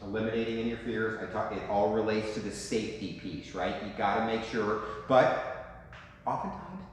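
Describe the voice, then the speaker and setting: A man in his fifties coaching a room of real estate agents in a lively, joking way, asking "right?" often. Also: on the low side, normal speed. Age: 50s. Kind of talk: talk to a room. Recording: echoey hall with faint noise.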